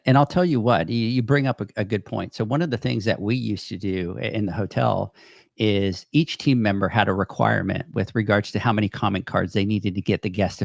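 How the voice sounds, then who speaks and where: A man's voice: fairly low pitch, creaky, no echo, studio quality. A man co-hosting a podcast, telling a work story in casual chat and acting out quoted lines. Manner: storytelling, acts out quoted dialogue. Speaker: podcast co-host.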